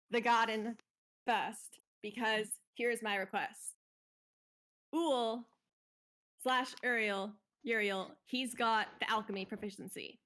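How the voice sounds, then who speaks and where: A woman's voice: fairly high pitch, sharp tone. A woman playing in a tabletop game, explaining her plans in a rambling, hesitant way. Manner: rambling, hesitant, lots of likes. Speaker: player.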